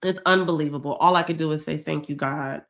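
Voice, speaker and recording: Bright, chatty woman vlogger. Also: low-pitched, steady tone, fast talker, gravelly. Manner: chatty, effusive, says y'all often. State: stuffy from a cold. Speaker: vlogger hosting a fitness check-in livestream. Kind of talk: casual livestream chat reading comments.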